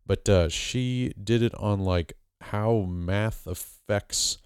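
A man's voice: fairly low pitch, slow pace, smooth, no echo, studio quality. A man hosting a podcast, introducing his guest in a rambling, joking way with lots of fillers and restarts. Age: adult with a master's degree. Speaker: podcast host. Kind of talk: casual podcast monologue.

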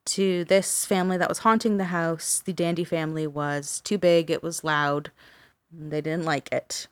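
A woman's voice: low-pitched, fairly even intonation, normal speed, smooth, no room sound. A woman co-hosting a podcast, telling a paranormal story in casual chat with fillers and the odd swear word.

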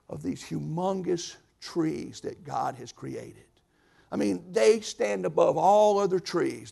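A man preaching a sermon, telling folksy stories and swinging from soft asides to loud bursts. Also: a little high, gravelly, husky.

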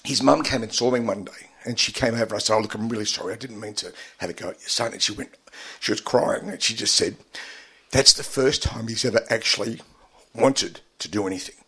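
A lower-pitched man with a husky, breathy voice, speaking as an interview guest. He talks haltingly, full of restarts and fillers, and his voice shows emotion in a quiet radio studio. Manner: halting, many fillers and restarts, tearful at times.

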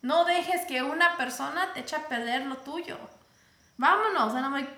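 A woman's voice: high voice, animated, normal speed, bright, forceful tone, echoey room. A woman telling a personal story in casual talk, mixing English and Spanish and acting out what others said. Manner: switches between English and Spanish mid-sentence; acts out quoted voices, turns emotional.

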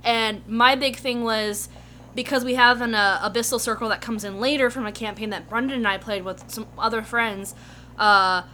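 A woman's voice: a little high, steady tone, moderate pace, bright, forceful tone, a little hiss or hum. A woman who was a player in the campaign, co-hosting a podcast in casual chat and recapping events in a matter-of-fact, wry way.

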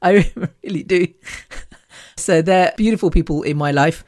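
A woman hosting a podcast, telling rambling personal stories in a chatty, animated way and laughing often. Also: lowish voice, moderate pace, no echo, studio quality. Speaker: podcast host.

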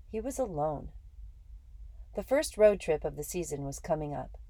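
A woman reading a first-person children's story aloud in a steady, earnest way. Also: sits low, no room sound, poor audio. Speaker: audiobook reader. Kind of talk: first-person audiobook narration.

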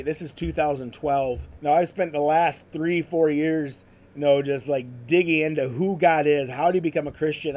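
Slightly high-voiced man telling his story. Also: darkish tone. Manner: conversational, full of "like" and "you know" fillers. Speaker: podcast host sharing his ministry story. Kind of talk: casual personal testimony storytelling.

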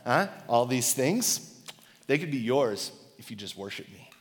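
A man putting on a low, hushed, wheedling voice for a sly tempting devil while retelling a story in a sermon. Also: big pitch swings, a little slow, big-room sound. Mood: coaxing.

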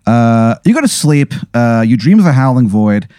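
A man's voice: mid-range voice, very animated, moderate pace, warm tone, smooth, no room sound. A man casually spinning a rambling hypothetical story, full of "like" and "you know what I mean.". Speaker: host telling a hypothetical.

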